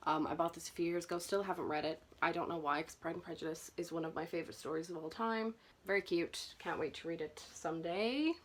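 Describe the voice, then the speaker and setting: A woman's voice: fairly low pitch, fairly bright tone. A young woman chatting nervously and self-consciously through her book collection for a vlog. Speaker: booktuber. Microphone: camera mic.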